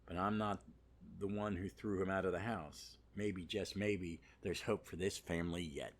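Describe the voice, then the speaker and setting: A man's voice: low voice, steady tone, normal speed, voice pushed down. A man reading a curt, weary mother. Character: weary, guarded middle-aged mother.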